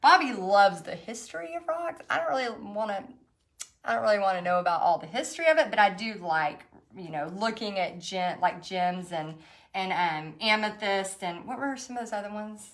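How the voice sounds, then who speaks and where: A woman's voice: mid-range voice, lively intonation, normal speed. A middle-aged woman, telling a story with lots of laughter while leading an online painting class. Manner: chatty storytelling with frequent laughs. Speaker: painting instructor hosting an online paint party. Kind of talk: casual chat while painting.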